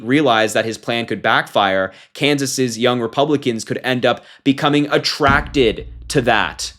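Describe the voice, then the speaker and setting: A young man hosts a political commentary show, reading an article aloud and reacting with indignation. He swings between loud, mocking call-outs and low, disgusted asides.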